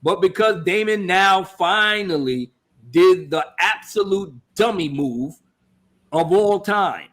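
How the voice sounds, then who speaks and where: A man hosts a casual show review. He retells scenes with lively energy, putting on voices for the characters and swearing freely. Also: sits high, slow pace. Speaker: podcast host reviewing a TV episode. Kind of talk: animated casual recap.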